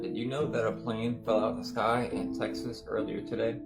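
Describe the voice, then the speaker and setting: A man speaks at an ordinary, middle pitch with dry, deadpan sarcasm, as if winking at his viewers. Loud plucked guitar music plays behind his voice throughout. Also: brisk, vocal fry. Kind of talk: casual social video monologue.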